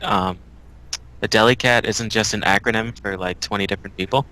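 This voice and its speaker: A man with a bright, sharp voice and a fairly low pitch co-hosts a casual chat show. He trades dry, deadpan jokes. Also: fairly quick, low-quality recording. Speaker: podcast co-host.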